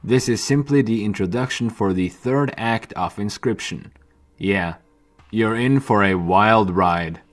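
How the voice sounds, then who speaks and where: A young man narrating a video essay in a candid, animated way that includes swearing. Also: lowish voice, a little slow.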